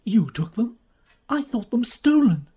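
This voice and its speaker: Woman doing a pompous naval captain, bumbling, lively pitch, comedy audio play. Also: a little slow, husky, heavily acted.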